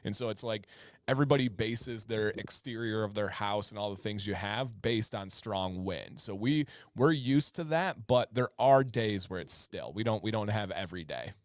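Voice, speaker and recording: A man's voice: fairly low pitch, normal speed, no echo. Upbeat man on a dry mic. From Michigan. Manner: upbeat, reads viewer comments aloud. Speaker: co-host. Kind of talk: casual livestream chat.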